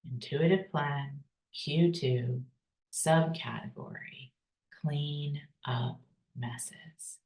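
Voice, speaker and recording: A woman teaching a personal growth course, calm and deliberate, with pauses for breathing and repeated key phrases. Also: sits low, reverberant, rough recording. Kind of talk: slow guided teaching with breathing cues.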